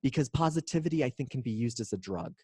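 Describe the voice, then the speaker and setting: A man's voice: medium pitch, expressive, fast talker, mellow, husky, no room sound, studio quality. A man, a coach and guest, talking in a casual interview with emphatic, punchy storytelling.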